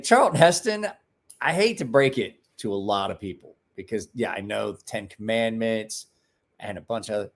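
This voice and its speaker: A man hosting a casual livestream, rambling, joking and swearing as he answers his chat. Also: medium pitch. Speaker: livestream host.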